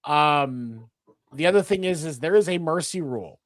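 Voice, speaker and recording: A man's voice: on the high side, animated, normal speed, no room sound. A man hosting a casual sports podcast, rambling along with lots of fillers and restarts. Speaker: podcast host.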